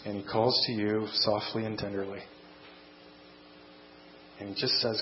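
A man preaching a sermon and closing in prayer, earnest and measured, speaking in short phrases. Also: on the low side, fairly even intonation, reverberant. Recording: dull lo-fi sound with faint mains hum.

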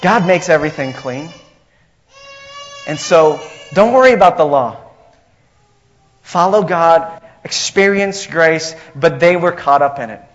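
A man's voice: on the high side, expressive, measured pace, pauses often, lo-fi sound. A man preaching a sermon as pastor, emphatic and repetitive, asking the congregation questions.

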